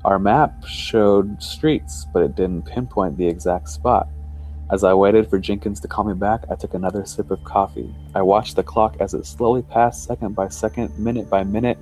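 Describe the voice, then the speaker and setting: A low-voiced man narrates a creepy first-person tale at a measured, suspense-building pace. Quiet music runs faintly beneath his voice. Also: steady tone. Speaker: podcast storyteller. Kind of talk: reading a first-person horror story.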